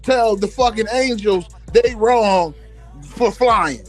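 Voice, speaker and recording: A man's voice: sits high, takes it slowly, faint music behind. A man on a debate panel, angry, swearing and confrontational. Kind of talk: heated debate.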